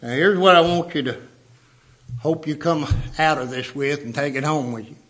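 A man's voice: on the high side, moderate pace, fairly bright tone. A man preaching a sermon, emphatic, repeating words for stress.

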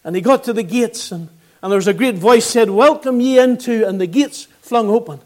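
A man's voice: high voice, fairly quick, a little mellow. A man in his sixties with a Northern Irish accent, preaching a gospel sermon and telling his own testimony with earnest, fervent appeals.

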